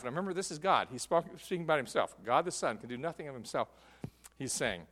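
A man's voice: on the high side, lively intonation, fast talker, fairly bright tone, long reverb tail. A man preaching a sermon as pastor, earnest and emphatic, with fillers and restarts as he explains a passage.

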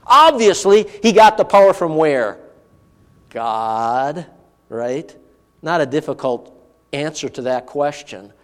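A male pastor preaches with a lively, swooping delivery, pitched high for a man. He keeps putting rhetorical questions to the congregation. The long reverb of a large hall trails behind each phrase. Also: slow. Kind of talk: sermon.

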